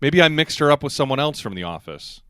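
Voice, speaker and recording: A man's voice: fairly high pitch, big pitch swings, fast, fairly bright tone, clear, resonant tone, dry recording, studio quality. A man co-hosting a podcast, chatting casually and rambling as he recaps a TV episode, laughing often. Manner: rambling, laughs often, acts out quoted lines. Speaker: podcast co-host.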